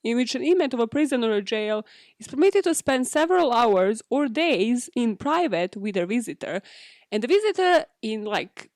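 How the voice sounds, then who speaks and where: A woman's voice: on the high side, animated, moderate pace, a little mellow, dry recording, clean studio sound. A young British woman hosting a solo podcast in a chatty, giggly way, swearing freely. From Britain. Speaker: podcast host. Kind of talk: casual solo podcast chat.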